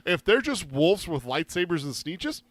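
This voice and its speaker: A man's voice: fairly high pitch, big pitch swings, normal speed, fairly bright tone, no echo. A man co-hosting a podcast, talking animatedly and swearing freely in casual chat. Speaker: podcast co-host.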